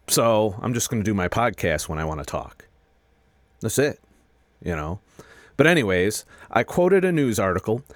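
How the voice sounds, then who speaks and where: A man's voice: mid-range voice, no room sound. Middle-aged guy venting mad at his viewers, lots of swearing, voice jumps all over, dry close sound. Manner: angry, profane, halting with restarts. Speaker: video creator. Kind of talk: frustrated personal rant to camera.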